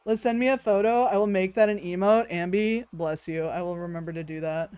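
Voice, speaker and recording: A woman's voice: fairly low pitch, fairly quick, dark tone, clean tone, no echo. A woman, chatting casually with her stream viewers, laughing often, swearing freely and cooing over cute things.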